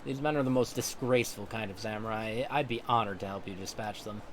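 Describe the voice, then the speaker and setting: A man voicing a calm older swordsmanship teacher in a measured way. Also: fairly low pitch, a little hiss or hum, natural voice.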